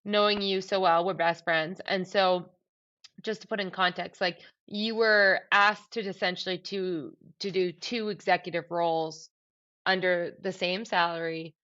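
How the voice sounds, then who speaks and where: A woman's voice: on the low side, sharp tone. A woman co-hosting a podcast, reflecting aloud and asking probing questions. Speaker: podcast co-host. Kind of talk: casual chat. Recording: dull lo-fi sound.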